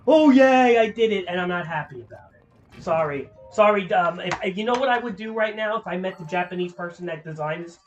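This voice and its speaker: A man's voice: high voice, a little fast, a bit bright, faint music behind. A young man streaming a game, ranting with lots of swearing in frustration. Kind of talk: casual gameplay commentary.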